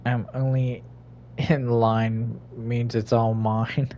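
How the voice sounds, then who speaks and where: A man giving casual, swear-filled commentary while he plays a game, talking to himself, laughing and breaking into sudden loud outbursts. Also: mid-range voice, little pitch movement, slow pace, highs cut off, a little hiss or hum. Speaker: gaming streamer.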